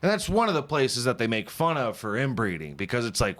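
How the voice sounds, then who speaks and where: A man's voice: mid-range voice, very animated, brisk, few pauses, fairly bright tone. A man hosting a comedy podcast, joking in a profane, mocking way and laughing often. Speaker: podcast host. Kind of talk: casual comedic podcast banter.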